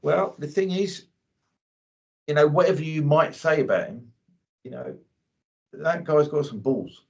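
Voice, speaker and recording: A man's voice: a little high, expressive, a little slow, vocal fry, long pauses, a little mellow. A man talking bluntly in a casual two-way chat, leaning on "you know" as he goes. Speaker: co-host. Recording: dull lo-fi audio.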